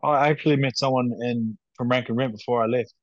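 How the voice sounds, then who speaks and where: A man with a New Zealand accent, a guest on a podcast, speaking over a video call in a calm, measured, matter-of-fact way. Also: mid-range voice, dry recording. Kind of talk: casual interview chat. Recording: dull dry video call audio.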